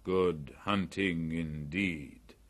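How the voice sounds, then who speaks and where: A man voicing Bagheera, a calm and worldly male panther, who speaks slowly and gravely. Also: sits low. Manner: slow, measured and grave.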